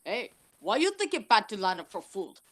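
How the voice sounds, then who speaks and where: A woman's voice: medium pitch, sing-song, moderate pace. A woman putting on a mock impression of an older male politician, folksy and exaggerated.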